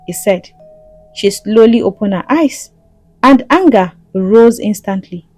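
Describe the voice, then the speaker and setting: A woman's voice: mid-range voice, lively intonation, measured pace, a little mellow, no echo, faint music behind, low-quality recording. A woman narrating a scripted story in a dramatic way, with asides to the listener.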